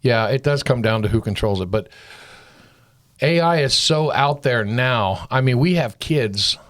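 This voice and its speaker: A man's voice: medium pitch, lively intonation, a little slow, a bit bright. A man in his fifties hosting a casual church panel discussion. He rambles and retells stories using quoted dialogue. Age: 50s. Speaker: host.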